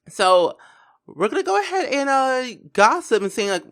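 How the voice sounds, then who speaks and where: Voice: high-pitched, big pitch swings, moderate pace, a bit bright. A gameplay commentator talking casually and rambling on, with lots of filler words and restarts.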